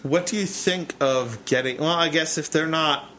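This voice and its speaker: A man co-hosting a podcast in casual chat, jokey and quick to laugh. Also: on the high side, pushed and bright, a little hiss or hum. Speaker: podcast co-host.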